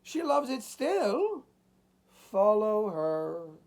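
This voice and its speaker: Audiobook: male reader as anguished old father begging, voice pitched high and swinging wildly. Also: sing-song, drawn-out words, a little mellow, exaggerated voice. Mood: pleading. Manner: pleading, crying out. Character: desperate old father pleading in agony.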